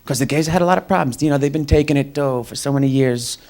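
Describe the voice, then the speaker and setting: A man's voice: mid-range voice, quick pace, noisy background. A young man doing a stand-up comedy set on a club stage, wry and mocking, slipping into quoted voices.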